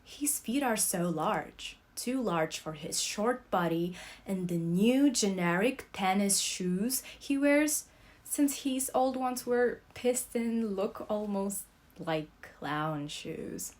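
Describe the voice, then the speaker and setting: Brief: young woman, unhurried dramatic reading of a novel, mid pitch, dynamic from whispers to loud. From Russia. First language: Russian. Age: young adult. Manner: expressive, swings between loud outbursts and soft whispers. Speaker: student reader.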